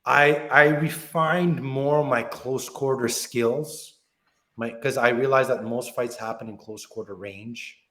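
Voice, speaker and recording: A man's voice: medium pitch, takes it slowly, reverberant. A man working as a self-defense instructor, telling stories in an interview and acting out the dialogue in them. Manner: animated, acts out club stories with quoted dialogue. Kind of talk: interview storytelling.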